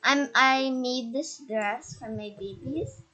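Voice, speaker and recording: In a casual, unhurried way, a high-pitched woman leads a tour through a game house, her shy, nervous delivery full of stutters and restarts. Her tone is bright and forceful, though it's muffled by a face mask and captured on a laptop mic.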